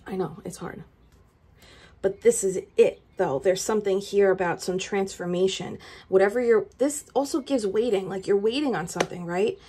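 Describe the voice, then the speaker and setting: A woman's voice: mid-range voice, warm tone, slightly rough. A woman giving a tarot reading straight to the viewer, urgent and emphatic, repeating her points. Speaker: tarot reader.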